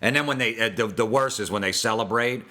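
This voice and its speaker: A man's voice: medium pitch, a little fast, pushed and bright. A man ranting crudely in a casual podcast chat, swearing freely. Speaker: podcast host.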